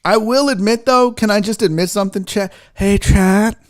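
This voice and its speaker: This sports talk host from the American South has a voice that sits high and a moderate pace. On his laid-back livestream he's brash and foul-mouthed, trading jokes and conversation with his audience.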